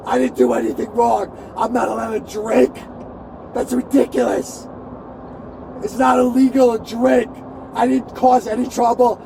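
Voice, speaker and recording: An agitated man under arrest, pleading and shouting for answers from the back of a police car, recorded on an officer's bodycam. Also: extremely high pitch, moderate pace, vocal fry. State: agitated, upset. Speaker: arrested passenger. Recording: noisy bodycam audio.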